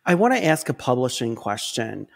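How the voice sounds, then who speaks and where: A man hosting a writing podcast, putting a measured, thoughtful question to his guest. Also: medium pitch, sing-song, gravelly. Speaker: podcast host. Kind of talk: interview question.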